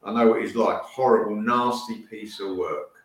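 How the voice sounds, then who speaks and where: A man with a lowish voice airs strong football opinions with indignation. He sits far from the mic, and his voice rings in a strongly echoing room. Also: steady tone, moderate pace. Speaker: podcast panelist. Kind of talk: casual chat. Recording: distant echoey mic.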